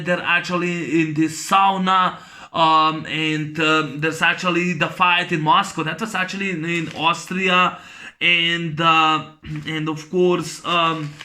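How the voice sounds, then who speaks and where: A man giving a casual spoken film review, halting, with many ums and restarts, and blunt, with free swearing. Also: fairly high pitch, flat delivery, bright, forceful tone. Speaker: movie reviewer.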